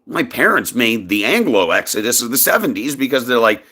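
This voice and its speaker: A man from Canada giving an impassioned personal monologue in his own vlog, speaking emphatically. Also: normal speed. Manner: emphatic, impassioned, lively swings in pitch. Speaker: vlogger.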